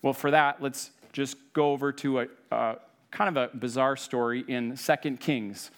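A man's voice: mid-range voice, steady tone, moderate pace. A man preaching a sermon, retelling a story conversationally and acting out the quoted lines.

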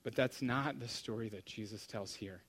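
A man preaching a sermon, telling a story with animated shifts between soft and loud speech. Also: on the low side, moderate pace.

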